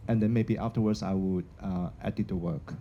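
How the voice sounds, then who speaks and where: Very deep gravelly man, hesitant. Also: fairly even intonation, mellow. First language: Chinese. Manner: hesitant, halting. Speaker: panelist poet. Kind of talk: panel discussion. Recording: muffled with faint noise.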